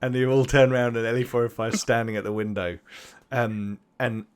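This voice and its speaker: A man running a tabletop role-playing game as game master, narrating in a rambling, animated way with sound effects. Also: medium pitch, fairly quick, smooth, no echo.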